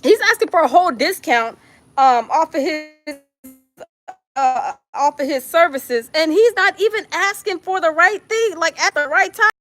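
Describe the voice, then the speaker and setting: A woman hosting a live stream, chatting casually about gossip and reading out viewers' comments, animated and repeating phrases for emphasis. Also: extremely high pitch, moderate pace, faint music behind.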